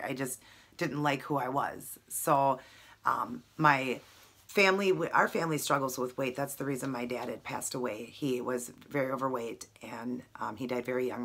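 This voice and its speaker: A woman's voice: extremely low pitch, creaky, a bit bright, slightly rough. A woman in her thirties talking earnestly to her camera at home, emotional and full of fillers. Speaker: vlogger. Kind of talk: personal talk to camera.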